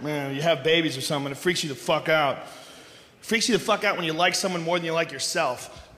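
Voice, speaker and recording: A man doing a loud, profane stand-up routine in front of a live audience, often breaking into shouts. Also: on the high side, quick pace. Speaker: stand-up comedian. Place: large concert hall, live audience. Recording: echoey live hall recording with noise.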